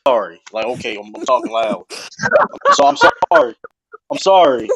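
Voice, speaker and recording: A man with a deep voice in a heated panel debate, talking loud and repeating himself defensively. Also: lively intonation, moderate pace, breathy edge, dry recording. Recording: dry, dull lo-fi sound.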